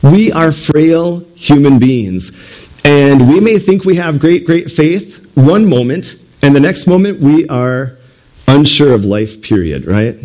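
A man's voice: fairly high pitch, animated, slow, darkish tone, low-quality recording. A man preaching a casual sermon, with rhetorical questions to the congregation and jokes. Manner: conversational, with rhetorical questions and humor.

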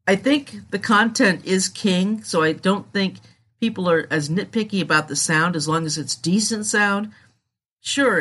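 Candid bright-voiced woman podcaster. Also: lowish voice, husky. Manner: candid, rambling, self-deprecating. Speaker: podcast host. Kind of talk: casual solo podcast talk.

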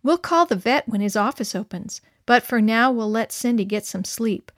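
A firm, brisk storybook mother, read aloud by a woman, sounding higher than the narration and keeping her boys in line. The recording is dry and close. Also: no room sound, lightly acted. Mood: calm. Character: busy mother scolding her two boys.

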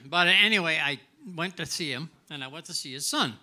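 Older man spinning a forceful yarn. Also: a little high, a little fast, few pauses. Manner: animated, acts out dialogue, many restarts. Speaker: guest. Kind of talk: casual storytelling. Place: restaurant live event.

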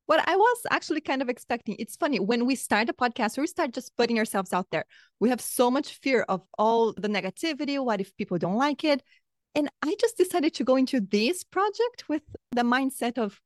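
A woman's voice: high voice, expressive, fairly quick, no echo, studio quality. A woman hosting a casual podcast monologue as a life coach, effusive and upbeat with chatty asides, her throat slightly sore.

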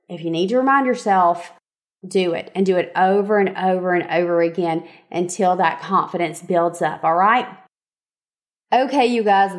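A woman hosts a solo advice podcast. She is upbeat and encouraging, and she often checks in with her listeners. Her pitch sits mid-range for a woman. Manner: upbeat, encouraging, chatty with frequent "okay?" and "y'all". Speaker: podcast host, photographer.

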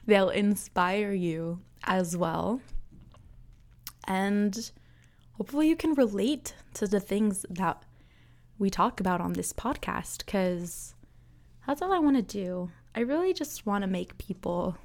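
A woman's voice: medium pitch, animated, takes it slowly, a little mellow. A woman in her twenties hosting her own podcast alone, chatting casually, laughing often and filling her sentences with "like". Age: 20s. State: out of breath. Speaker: podcast host. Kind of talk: casual solo podcast chat.

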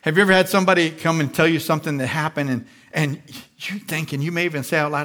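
A man preaching a sermon with animated delivery, often acting out the inner voices he describes. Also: fairly high pitch, fast talker, hardly any pauses. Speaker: pastor.

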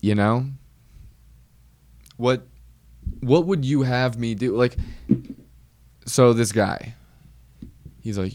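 Comedian guy with a low voice rambling thru a story, wry, restarts a lot, dry close mic. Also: slow pace, long pauses, darkish tone, dry recording. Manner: rambling, self-interrupting, wry. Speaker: comedian podcast host. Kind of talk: casual storytelling monologue.

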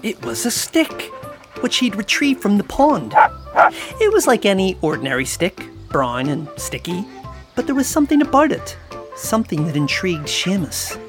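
A woman narrating a children's story in a playful, expressive way. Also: mid-range voice, normal speed. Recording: narration over clear music.

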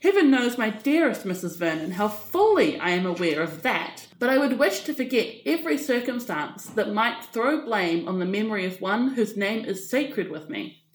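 A woman's voice: medium pitch, big pitch swings, moderate pace, natural voice. A woman reading aloud and voicing a scheming, persuasive aristocratic mother with a theatrical manner. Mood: mock sorrowful. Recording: echoey room.

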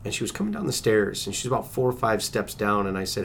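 A man's voice: fairly low pitch, expressive, very fast, creaky, few pauses, a bit bright, slight background noise. A middle-aged man recounting a personal story as an interview guest, earnest, with restarts and acted-out quotes.

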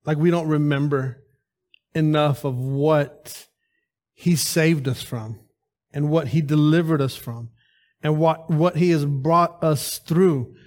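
A man preaching a lively sermon at a church service, calling out to the congregation with rhetorical questions. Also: a little high, slow.

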